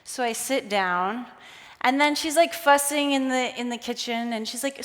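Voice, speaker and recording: A woman's voice: high voice, normal speed. A woman giving a storytelling conference talk, acting out bits of dialogue as she goes. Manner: animated, acts out quoted dialogue. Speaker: conference speaker. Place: large conference hall. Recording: long hall reverb.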